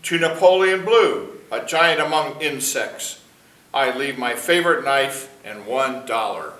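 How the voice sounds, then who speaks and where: A man's voice: mid-range voice, a little slow, bright, forceful tone. A man playing a smug, snide lawyer who hosts the guests at a manor and reads out a will. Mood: formal. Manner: formal, snide. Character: smug, sharp-tongued lawyer and host of the manor. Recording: echoey room, mic at a distance.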